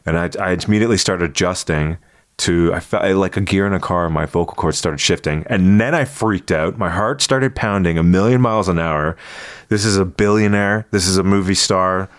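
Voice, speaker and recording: A man in casual conversation telling a story about a meeting, animated and jumping into quoted voices as he goes. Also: sits low, moderate pace, dry recording, studio quality. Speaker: comedian and impressionist guest.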